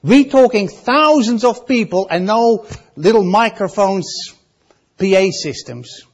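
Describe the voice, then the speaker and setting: A man with a Dutch accent preaching a sermon, swinging between loud emphasis and soft, quiet asides. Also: high voice, animated, takes it slowly.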